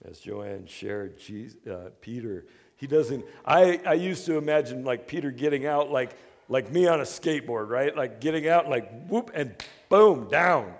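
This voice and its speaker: A man preaching a sermon as earnest storytelling, moving between hushed, quiet passages and loud, excited bursts. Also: medium pitch, moderate pace, few pauses. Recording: long reverb of a hall.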